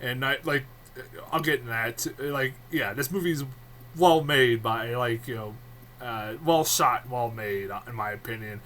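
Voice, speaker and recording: A man with a bright, forceful voice reviews a film in a loose, off-the-cuff way. He swears freely, rambles, and laughs often. Faint noise sits behind him. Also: mid-range voice, a little slow.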